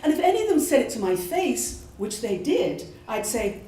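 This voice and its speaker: At a live show, a British woman who once served as a prison chaplain tells a true personal story in an animated, expressive way. Her voice is a little high and her pace moderate, and the room is echoey.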